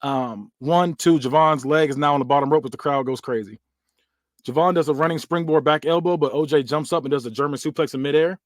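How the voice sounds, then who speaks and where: A young male podcast host casually narrates a fantasy booking story about wrestling, using lots of fillers. His voice is on the high side and a little fast, with no room sound.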